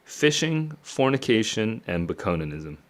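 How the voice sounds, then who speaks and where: A man streaming a casual read-aloud of a novel, thinking out loud between passages and chuckling often. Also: fairly low pitch, big pitch swings, a little slow. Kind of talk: casual reading and reacting.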